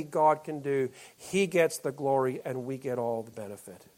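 A man preaching a sermon as pastor, moving between loud emphatic lines and quiet, slowed-down ones. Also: medium pitch.

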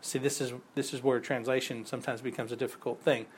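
A man's voice: medium pitch, level tone, fast talker, breathy edge. A man teaching a Bible class, explaining patiently, repeating key points and quizzing his students, with the odd chuckle at his own examples. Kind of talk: classroom lecture.

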